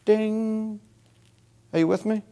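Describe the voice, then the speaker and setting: High-voiced preaching man. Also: slow pace. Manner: animated preaching, talks with the congregation. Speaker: pastor. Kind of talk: sermon.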